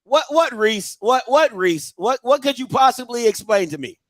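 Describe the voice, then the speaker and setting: Excitable man with a very high voice. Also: normal speed, dry recording. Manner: excitable, shouting and laughing at clips. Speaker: host. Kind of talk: live-stream reaction talk.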